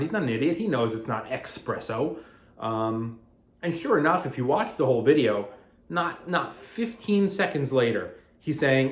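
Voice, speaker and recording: A man who makes finance videos, talking at home in a rambling, conversational way that grows heated and emphatic. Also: mid-range voice. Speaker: finance content creator. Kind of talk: casual talking-head vlog. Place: apartment at home. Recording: roomy echo of a home room.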